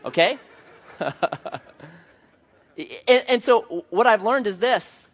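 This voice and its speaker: A man preaching a sermon as pastor, telling stories in an animated way with voiced asides. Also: high voice, slow, pauses often, highs cut off.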